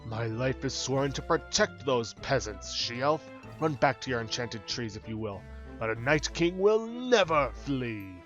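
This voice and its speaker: A man voicing a pompous, deep-voiced troll king hero who declaims slowly and grandly. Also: lively intonation, a bit bright, highs cut off, faint music behind. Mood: grandiose. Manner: bombastic, slow and declaiming.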